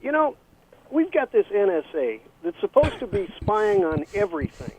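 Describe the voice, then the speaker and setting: High, lively man on a phone line. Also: moderate pace, gravelly, a crowd in the background. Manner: casual, animated, with fillers. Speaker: caller. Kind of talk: call-in radio chat.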